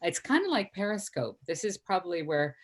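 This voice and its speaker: Low-voiced woman hosting a live stream. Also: big pitch swings, fairly quick, breathy edge. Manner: earnest, chatty, reads viewer comments aloud. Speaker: host.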